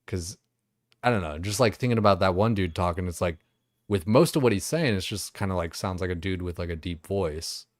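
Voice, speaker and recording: A young man with a low voice chats loosely while streaming a game. He rambles, swears freely and keeps circling back on himself. The sound is close and dry, with no room behind it. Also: lively intonation, fairly quick, no room sound. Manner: rambling, swears a lot, many fillers.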